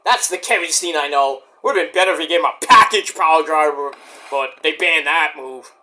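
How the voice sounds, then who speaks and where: A man's voice: fairly high pitch, moderate pace, sharp tone. A man reviewing shows, giving rambling, profane running commentary as he watches. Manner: rambling, profane, talks to himself about the action. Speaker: show reviewer.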